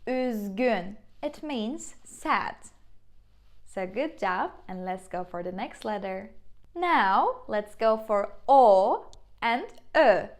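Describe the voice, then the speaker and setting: A young woman with a Turkish accent, teaching a beginner lesson on how to pronounce vowels, slowly repeating each sound. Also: medium pitch, lively intonation. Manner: slow, patient, repeats sounds, exaggerated mouth demonstrations. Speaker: language teacher.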